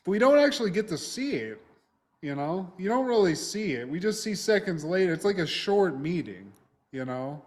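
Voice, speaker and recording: A man's voice: high voice, very animated, moderate pace. A young man co-hosting a podcast, recapping a TV episode in casual, profane chat and acting out the characters' lines. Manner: profane, acts out characters' lines while retelling. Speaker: podcast co-host.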